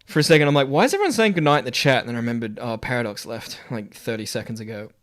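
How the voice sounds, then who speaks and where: A man's voice: medium pitch, animated, racing, fairly bright tone, no room sound. A man hosting a casual live stream chat, swearing freely and laughing often. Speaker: podcast host.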